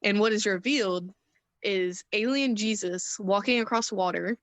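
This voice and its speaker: A woman's voice: mid-range voice, normal speed, dry recording. Young woman, interview guest, casual storyteller who laughs a lot; dry close recording. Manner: chatty, laughs often, acts out quotes.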